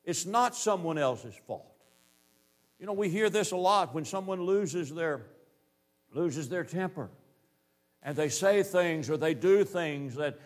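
A man preaching a sermon, emphatic, slowing down to stress key phrases and repeating his points in lists. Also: on the high side, expressive.

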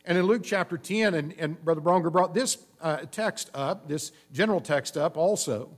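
Brief: male preacher, fairly high voice, measured explanatory delivery, some faint hum behind. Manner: measured, explanatory preaching with frequent restarts and fillers. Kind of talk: sermon.

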